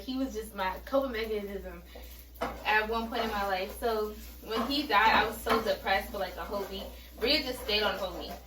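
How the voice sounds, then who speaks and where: A woman's voice: medium pitch, fairly bright tone, echoey room, distant mic, a little hiss or hum, poor audio. A woman in her twenties telling a personal story in a candid, rambling way, with many fillers and restarts. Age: 20s. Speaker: vlogger.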